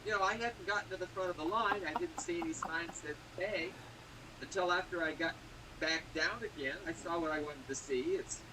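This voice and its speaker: A man's voice: fairly high pitch, normal speed. A man chatting casually, telling long rambling stories with little chuckles. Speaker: vlogger. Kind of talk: casual chat. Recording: noisy background.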